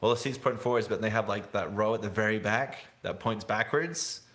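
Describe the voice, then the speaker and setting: Laid-back guy with a low voice. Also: fairly quick, fairly bright tone. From England. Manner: rambling, laid-back, laughs often, says dude. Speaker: snowboard vlogger hosting a livestream. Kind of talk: casual live-stream chat.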